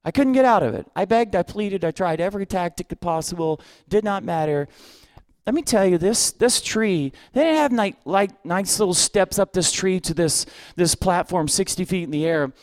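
A man preaching a sermon as a humorous story, comic and self-mocking in a lively way. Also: sits high, normal speed, no echo.

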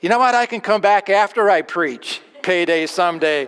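A pastor voicing a stubborn, cheerfully defiant elderly preacher in a retold story, insistent and good-humored. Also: male voice, sits high, normal speed, fairly bright tone, smooth, long reverb tail.

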